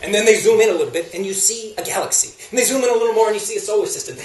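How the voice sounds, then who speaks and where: A comic stage performer tells a rambling, animated story live. The voice has an ordinary middle pitch and sounds echoey. It comes from far off in a theater. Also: racing, hardly any pauses.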